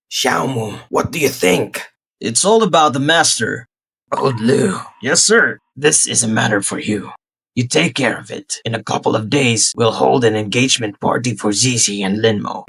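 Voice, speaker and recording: A man's voice: medium pitch, gravelly, fairly bright tone, husky, heavily acted. Man playing a bossy, chuckling old grandpa. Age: older. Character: scheming, jolly old grandfather. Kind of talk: fan drama dubbing.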